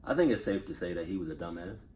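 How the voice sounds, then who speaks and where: A man's voice: low voice, animated, quick pace, a little mellow, slight background noise. A man hosting a reaction video, rambling casually, swearing, laughing and interrupting himself.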